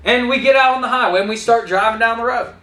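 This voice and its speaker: Talking fast in an extremely high voice, a man trains salespeople, and the room adds noticeable reverb. His delivery is energetic as he addresses the trainees directly and role-plays the lines he uses on customers, blending teaching with acted-out exchanges.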